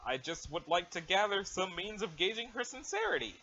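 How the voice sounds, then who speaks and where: A man's voice: high voice, lively intonation, fairly quick, creaky, sharp tone, full character voice. A man voicing an aloof, formal alien troll girl with stiff, overly proper wording, on a dull lo-fi mic.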